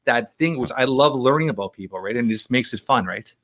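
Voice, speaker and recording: A man's voice: medium pitch, lively intonation, a bit bright. A man talking as a podcast guest, telling stories in a rambling way, full of restarts and quoted back-and-forth. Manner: fast, rambling storyteller with many restarts. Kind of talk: casual interview chat.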